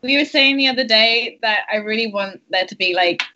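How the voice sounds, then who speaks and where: Giggly woman player chatting, kinda high bright voice, muffled lo-fi mic. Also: fairly quick. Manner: giggly, swearing, full of "like". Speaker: tabletop game player. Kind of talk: casual chat on a stream.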